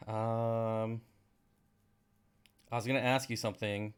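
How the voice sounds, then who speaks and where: A man's voice: mid-range voice, moderate pace. Casual male streamer, rambling chat, dry sarcasm, frustrated asides. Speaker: aquarium channel live streamer. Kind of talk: casual live stream chat reading comments.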